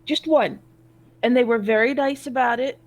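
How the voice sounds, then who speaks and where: A woman's voice: fairly high pitch, fairly even intonation, normal speed. A woman with a scratchy, stuffy throat from allergies, chatting in a motherly, easygoing way in a group video chat.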